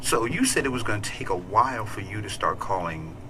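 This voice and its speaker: A man co-hosting on talk radio, prodding his partner with quick, teasing questions. His voice swings lively in pitch and sounds bright, with faint noise behind it. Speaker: radio co-host.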